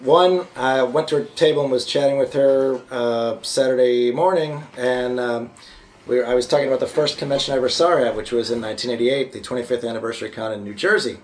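A man on a podcast, casually telling convention anecdotes in a relaxed, rambling way. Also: mid-range voice, brisk. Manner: anecdotal, relaxed storytelling with fillers. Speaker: podcast co-host. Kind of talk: casual convention recap chat.

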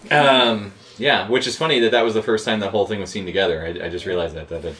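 A man's voice: lowish voice, fairly even intonation, quick pace, fairly bright tone. A man in casual panel chat who rambles with frequent fillers and restarts. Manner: rambling, hesitant, many fillers. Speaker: comedy troupe member on a convention recap panel.

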